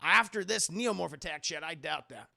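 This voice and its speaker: A man's voice: fairly high pitch, lively intonation, normal speed, creaky, sharp tone. A man streaming a casual, profane scene-by-scene film recap to his live chat, rambling and acting out scenes.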